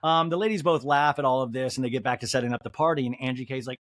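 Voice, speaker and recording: A man hosting a comedy podcast, recapping a reality show episode and acting out the cast members' lines in quick put-on voices. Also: mid-range voice, no room sound. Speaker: podcast host.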